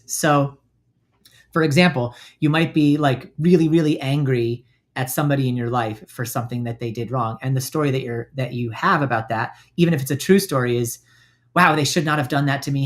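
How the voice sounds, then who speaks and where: A man hosting a self-help podcast, talking gently in a coaching manner and now and then acting out inner voices. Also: medium pitch. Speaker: podcast host.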